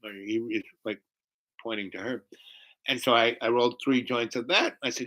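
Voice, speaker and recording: A man telling a personal story in a casual, rambling way, animated and full of fillers. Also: mid-range voice, normal speed, rough recording.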